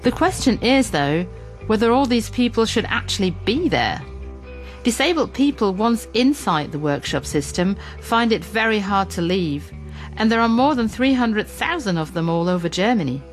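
A woman reporter and presenter narrating a scripted radio documentary in a measured, clear way. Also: mid-range voice, lively intonation, faint music behind.

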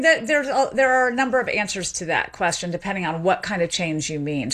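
A middle-aged woman from Memphis, a sociolinguist being interviewed, explaining in an animated way with small restarts. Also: medium pitch. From Memphis, Tennessee. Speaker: sociolinguist and professor, guest.

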